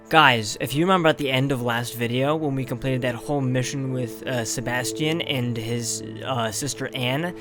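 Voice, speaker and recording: A man's voice: medium pitch, moderate pace, hardly any pauses, a bit bright. A man giving casual let's play commentary on a video game, rambling with many fillers and frustrated asides. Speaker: gameplay youtuber. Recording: game music underneath.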